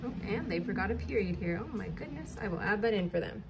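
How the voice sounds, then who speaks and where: A woman's voice: medium pitch, fast talker, over loud music. A woman teacher leading a recorded distance-learning lesson, patiently spelling words letter by letter.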